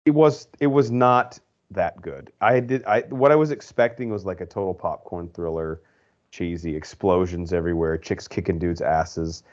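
A man's voice: low-pitched, normal speed. A man co-hosting a podcast, giving rambling, opinionated movie reviews in casual chat full of fillers. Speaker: podcast co-host. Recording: dull lo-fi podcast audio.

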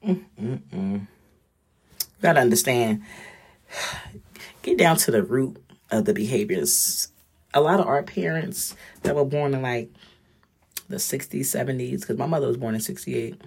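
A woman's voice: very deep voice, animated, unhurried, pauses often, a little mellow, slightly rough. A woman in her thirties giving a blunt, profane, direct casual monologue as a vlogger.

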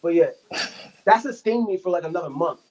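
A man, a comedian, chatting on a podcast in a loud, profane, animated way. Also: on the high side, brisk, dull audio. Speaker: comedian guest. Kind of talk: casual podcast chat.

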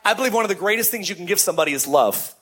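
Male pastor preaching, high voice, animated and conversational, repeats key phrases, middle-aged. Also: racing, husky. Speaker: lead pastor. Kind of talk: sermon.

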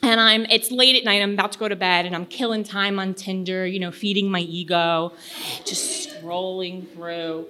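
A woman's voice: medium pitch, moderate pace. A young woman telling a personal story in a chatty, frank way, cursing freely and acting out what people said. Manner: chatty, animated, frank and profane, acts out quotes.

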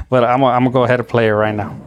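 A man's voice: medium pitch, dull audio. A man hosting a podcast in casual chat, rambling with frequent laughs and restarts. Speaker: podcast host.

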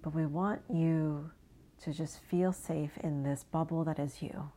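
A woman from New England gently guiding an inner child visualization, speaking softly and slowly and often dropping to a hushed near-whisper. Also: deep voice, fairly even intonation, slight background noise. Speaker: inner child and energy work guide.

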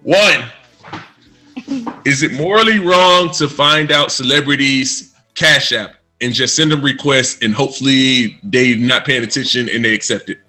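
A playful man hosts a casual chat and keeps the talk moving with questions. His voice has a very bright, sharp edge at a middle pitch. Faint music plays in the background. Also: unhurried. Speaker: podcast host.

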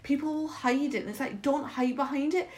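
A middle-aged woman from Britain, a mentor chatting casually and telling self-mocking stories in a lively way. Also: sits high, brisk, slight background noise. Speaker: guest mentor. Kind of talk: casual chat.

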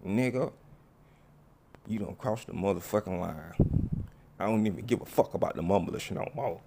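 Gruff low-voiced hothead, done by a man, menacing and profane. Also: normal speed, noisy background. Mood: angry. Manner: gruff, cursing, threatening. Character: hot-tempered tough man in church, threatening. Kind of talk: comedy skit voices.

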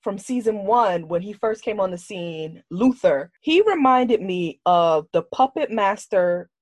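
An animated woman talking on a podcast in a loose, casual chat. She is blunt and swears freely. Her voice sits at an ordinary pitch and sounds dry and close to the mic. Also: unhurried, dry recording. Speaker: podcast co-host.

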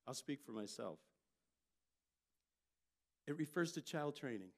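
An older man, a pastor, preaching a sermon and telling family stories with lively jumps in loudness. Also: mid-range voice, a little slow. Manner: storytelling, animated delivery with jumps in loudness.

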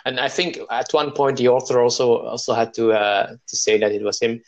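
A man in a casual conversation, speaking haltingly as he searches for words. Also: medium pitch, steady tone. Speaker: guest writer.

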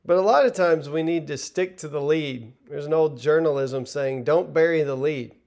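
Gravelly man preaching a sermon. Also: a little high, normal speed, a little mellow. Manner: earnest, conversational, with filler restarts.

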